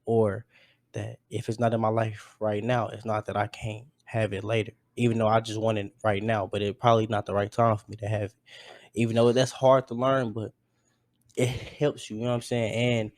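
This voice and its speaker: A man hosting a podcast in casual chat, halting and searching for words, with many restarts. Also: fairly low pitch, flat delivery, a little mellow, no room sound, clean studio sound. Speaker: podcast host.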